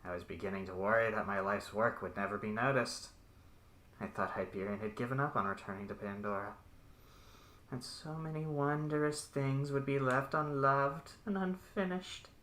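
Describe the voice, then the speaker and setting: A man's voice: medium pitch, normal speed, fairly bright tone, echoey room, voice pushed up, natural voice. A man doing a sinister scientist villain on an intercom. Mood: sinister gloating. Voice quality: distorted, menacing. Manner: gloating then exasperated.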